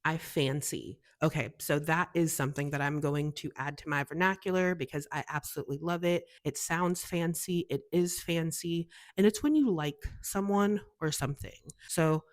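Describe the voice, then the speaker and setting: A young woman from the US talks in a casual, gushing way on her own show. Her voice sits low for a woman, and she sounds bubbly and chatty throughout. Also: moderate pace, few pauses. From United States. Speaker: podcast host. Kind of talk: casual solo chat.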